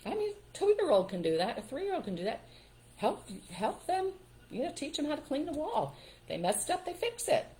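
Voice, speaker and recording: An older woman hosting a live stream, giving parenting advice in a relaxed, emphatic way and acting out what to say to children. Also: high-pitched, moderate pace, a little hiss or hum. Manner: emphatic and instructive, acts out what parents should say.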